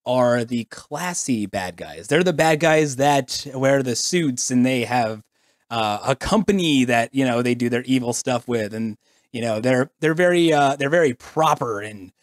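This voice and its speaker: A man's voice: mid-range voice, expressive, a little slow, no room sound, clean studio sound. An American man with an American accent, co-hosting a casual podcast and rambling jokily. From United States. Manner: jokey, rambling, plugs his channel. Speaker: podcast co-host. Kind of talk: casual chat.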